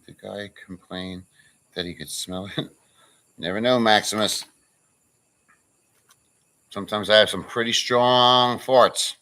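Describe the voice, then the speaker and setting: A man's voice: on the low side, steady tone, a little slow, long pauses, bright, forceful tone. A man chatting casually on a live stream, joking crudely and reading out viewers' names. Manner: crude joking, reads chat names aloud. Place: farm pen with a pig.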